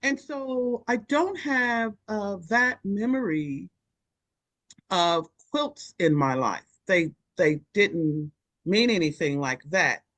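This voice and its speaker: A woman being interviewed for an oral history, telling a personal story in a deliberate way with drawn-out pauses. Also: medium pitch, animated, a bit bright, dry recording.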